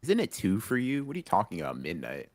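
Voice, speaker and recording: A man's voice: lowish voice, huge pitch swings, fast, dry recording. A man co-hosting a casual live-streamed podcast, making dry, teasing remarks. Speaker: podcast co-host.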